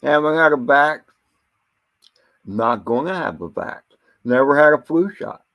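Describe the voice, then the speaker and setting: Gravelly, blunt, swearing man. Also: medium pitch, expressive, unhurried, lo-fi sound. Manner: blunt, rambling, swears freely; stammers and repeats words. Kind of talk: casual rambling monologue.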